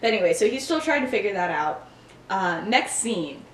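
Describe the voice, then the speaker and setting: A woman's voice: medium pitch, big pitch swings, a little fast, slight background noise. A young woman co-hosting a podcast, casually telling a story in a chatty, giggly way. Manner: chatty, giggly, many fillers. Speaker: podcast co-host. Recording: echoey room.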